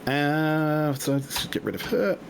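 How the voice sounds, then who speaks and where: A man running a tabletop game as game master, narrating in a relaxed, chuckling way. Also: on the high side, slow pace, gravelly, soft background music.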